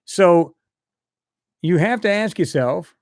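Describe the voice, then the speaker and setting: A man's voice: high voice, expressive, takes it slowly, no echo, clean studio sound. A man hosting a live stream, chatting loosely and rambling as he reads out viewer comments. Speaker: channel host answering live chat. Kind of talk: casual live-stream chat.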